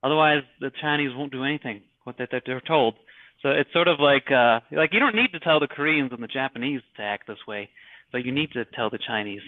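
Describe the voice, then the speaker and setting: A man's voice: medium pitch, lively intonation, no room sound. Man on a tinny, dry call line. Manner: halting, many restarts, crude swearing. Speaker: podcast guest. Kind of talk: casual podcast chat. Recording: dry, phone-like call audio.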